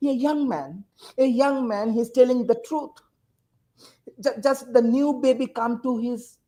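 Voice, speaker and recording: A high-pitched woman speaks over a video call. She talks with urgent, emotional force, stacking repeated phrases and questions like a teacher pleading with her peers. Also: mellow, low-quality recording. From Bangladesh. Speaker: university teacher and forum panelist. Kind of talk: impassioned panel speech.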